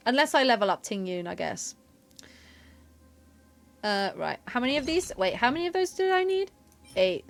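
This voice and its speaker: A woman's voice: high voice, big pitch swings, moderate pace, long pauses, soft background music. A woman from England chatting casually on a live gaming stream, rambling and often interrupting herself.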